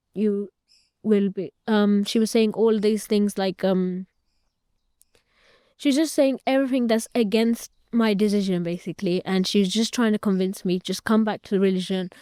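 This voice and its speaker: A woman's voice: medium pitch, warm tone, clear, resonant tone, dry recording, studio quality. A young woman, a guest in an interview, earnestly recounting a personal story and retelling family conversations at length.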